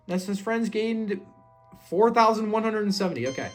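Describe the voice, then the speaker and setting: A woman's voice: medium pitch, unhurried, faint music behind. A woman playing through a video game, reading the text aloud and reacting. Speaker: game streamer.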